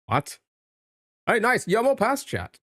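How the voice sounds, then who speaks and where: A man's voice: high-pitched, wildly swooping pitch, measured pace, fairly bright tone, no echo, clean studio sound. A man from the United Kingdom, streaming and chatting casually, thinking aloud while he guesses and jokes with his chat. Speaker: live streamer.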